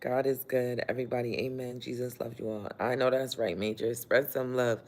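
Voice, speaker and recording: A man hosts a relaxed livestream, talking in an everyday mid-range voice. He keeps up a chatty, motivational flow, reads out viewer comments and laughs as he goes, working while he talks. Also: mid-range voice, a little fast. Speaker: livestream host. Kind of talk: casual livestream chat.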